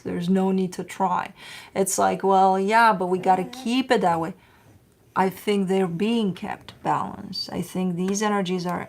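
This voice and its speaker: A woman casually reading tarot cards on a livestream, chatty and rambling, who breaks off to coo at her pets in a high, excited voice. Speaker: tarot reader.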